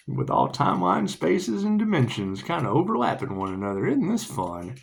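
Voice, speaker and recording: A tarot reader with a mid-range, creaky, sing-song voice gives a loose, rambling spiritual talk at normal speed with few pauses. He swears, laughs, and hums little tunes between thoughts.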